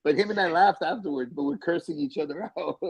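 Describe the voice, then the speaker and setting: A man with a husky, slightly breathy voice, a touch high, chats as a comedian guest on a podcast. He tells stories with laughs mixed in and keeps a loose, easygoing tone. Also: fast talker. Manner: apologetic, laughs while telling stories. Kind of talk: casual podcast chat.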